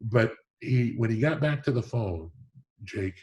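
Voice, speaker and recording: A man's voice: medium pitch, lively intonation, a little slow, breathy edge. A middle-aged man, a hall of fame president, tells stories earnestly in an interview, often restarting his sentences. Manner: earnest, warm storytelling with frequent restarts. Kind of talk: storytelling in a conversational interview.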